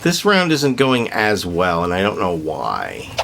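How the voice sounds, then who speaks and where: A man with a bright, forceful voice rambles through casual gameplay commentary, full of opinionated, joking rants. A faint hiss of noise sits under his voice. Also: low-pitched, huge pitch swings, unhurried, creaky. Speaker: gaming video host.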